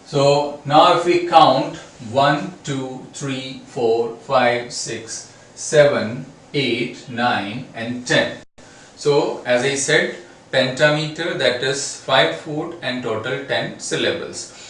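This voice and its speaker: Man, Indian English accent, lecturer, slow delivery, many fillers, roomy echo, faint background hiss. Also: medium pitch, a bit bright. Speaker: literature lecturer. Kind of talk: classroom lecture. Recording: roomy echo, a bit distant.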